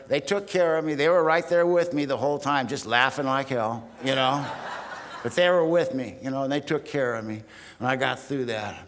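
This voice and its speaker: A man's voice: mid-range voice, normal speed, a bit bright, a little hiss or hum. Older man in his sixties, streetwise storyteller, blunt and self-mocking, podium mic, long hall reverb. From Southern California. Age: 60s. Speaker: recovery meeting speaker. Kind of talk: sharing a personal story from a podium. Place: large hall.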